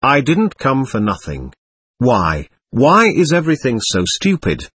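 Delirious young male witness, read by a man; slow, brooding rambling, husky. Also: medium pitch, wildly swooping pitch, a bit bright, no echo, studio quality, exaggerated voice. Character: feverish delirious young man raving in court.

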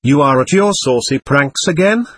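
A man's voice: a little high, animated, normal speed, fairly bright tone, husky, no room sound, clean studio sound. A man voicing an angry, loutish young clerk who keeps repeating himself. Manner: blustering and repetitive.

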